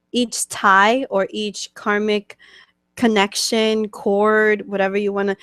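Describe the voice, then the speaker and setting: A woman with a New York accent talks through a webcast as a spiritual coach, explaining things casually and checking in often with "okay?" and "right?". Her voice sits at a middle pitch and is recorded dry and close, with no room sound around it. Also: no room sound. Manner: chatty, many fillers and "okay?" check-ins. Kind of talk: casual teaching talk answering questions.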